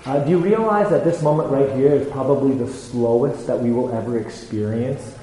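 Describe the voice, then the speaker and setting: A man's voice: medium pitch, dark tone. Earnest man speaking in an echoey hall. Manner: earnest, halting, many fillers and restarts. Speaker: ministry speaker. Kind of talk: conference talk. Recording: echoey hall with faint ambience.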